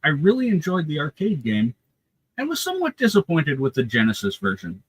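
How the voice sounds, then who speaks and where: A man reads old game magazine reviews aloud as a guest on a stream, lively and relishing the words. His voice is husky and slightly breathy, and the recording is dry with no room sound. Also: on the high side, a little fast, dry recording, low-quality recording. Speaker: guest co-host.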